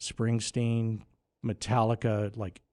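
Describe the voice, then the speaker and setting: A man telling a funny story in a casual chat, lively and animated, often climbing to excited near-shouts at the punchlines. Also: on the low side, takes it slowly. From Nevada. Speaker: radio host guest.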